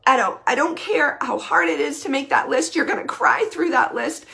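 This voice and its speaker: A woman's voice: sits high, sing-song, normal speed, vocal fry, sharp tone. A woman, talking casually and earnestly to her followers on a live video, repeating phrases for emphasis.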